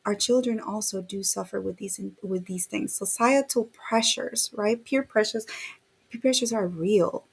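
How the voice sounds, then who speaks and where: A woman's voice: medium pitch, unhurried, vocal fry, slightly rough. A woman hosting a podcast interview, upbeat and encouraging toward her guest and audience. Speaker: podcast host. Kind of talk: interview conversation.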